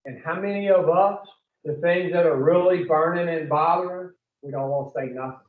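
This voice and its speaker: A man's voice: on the high side, normal speed, reverberant, recorded from a distance, phone-quality sound. A man giving a blunt, profane recovery talk to a group, telling his story and putting questions to the room. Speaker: recovery speaker.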